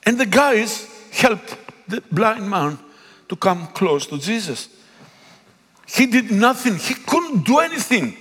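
A man whose first language is Greek, preaching a sermon in a church, pleading and rising to loud calls. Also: high voice, sing-song, slow pace, breathy edge. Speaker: pastor. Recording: long echo of a big hall.

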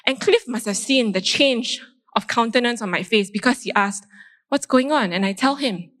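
A woman, a doctor giving a faith testimony and telling her story in a lively way, acting out her own reactions. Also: a little high, moderate pace. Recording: long reverb in a large hall.

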